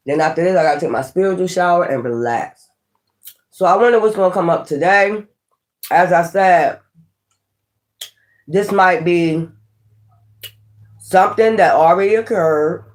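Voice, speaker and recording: A man reading tarot in a casual, rambling vlog chat, talking while he chews. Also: sits high. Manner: chatty, slow and rambling, talks while chewing. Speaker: tarot reader.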